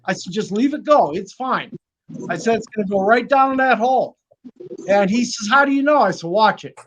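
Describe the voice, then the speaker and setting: A man's voice: high voice, animated, moderate pace. A man telling folksy stories in casual chat, swearing freely and acting out the voices of people he quotes. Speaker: snake keeper on live stream.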